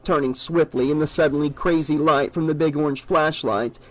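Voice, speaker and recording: Male horror audiobook narrator, measured and steady, slightly high-pitched. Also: no echo, poor audio.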